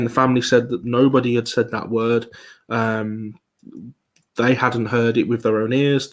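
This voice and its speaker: A man giving a live online presentation as a paranormal investigator, talking with many pauses and restarts. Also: medium pitch. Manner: hesitant, many ums and restarts.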